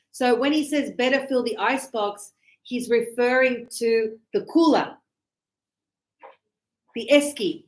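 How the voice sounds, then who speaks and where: Chatty Australian woman teaching English. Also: fairly high pitch. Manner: chatty, explains with acted examples and laughs. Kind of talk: online language lesson. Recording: echoey room.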